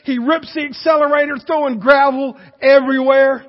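A high-pitched man delivers a sermon as a folksy, animated storyteller. His voice rings through a large hall with a long echo. The recording is dull and muffled. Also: moderate pace. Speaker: pastor.

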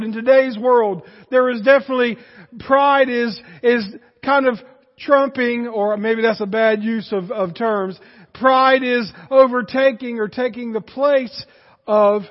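A man's voice: very high voice, big-room sound, muffled recording. A man preaching a sermon to his congregation, speaking conversationally with restarts and acting out quoted voices. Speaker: pastor. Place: church sanctuary.

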